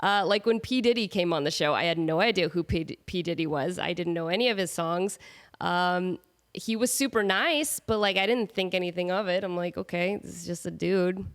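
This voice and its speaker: A woman's voice: on the low side, brisk. A woman in her thirties with a nasal voice from a cold, hosting a casual solo podcast in a chatty, self-mocking way with rambling asides. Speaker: podcast host. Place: at home with her cat.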